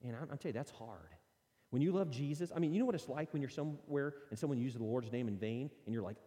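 A man preaching a sermon in a lively, conversational way, reading and explaining scripture. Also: mid-range voice, fast. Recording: long hall reverb.

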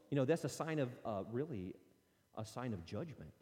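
A man preaching a sermon in a lively, conversational way, reading and explaining scripture. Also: medium pitch, quick pace. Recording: long hall reverb.

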